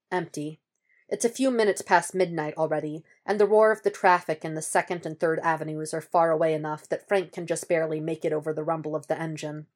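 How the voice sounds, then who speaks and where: A woman with a very low voice narrates a fan fiction audiobook. Her reading is steady and measured. She delivers the prose calmly and evenly. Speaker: podfic reader.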